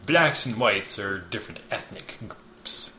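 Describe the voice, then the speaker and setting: A man's voice: on the low side, expressive, unhurried, background noise. A man hosting a podcast and narrating a tabletop game as game master, casual and joking with lots of ums. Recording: dull, roomy lo-fi recording.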